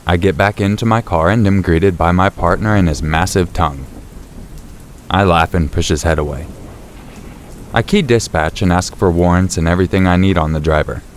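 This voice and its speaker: A man narrating a true scary story in the first person, in a steady, low-key storytelling voice. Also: moderate pace, slight background noise. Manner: steady, low-key storytelling, rising sharply for shouted quotes. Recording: faint rain and thunder behind.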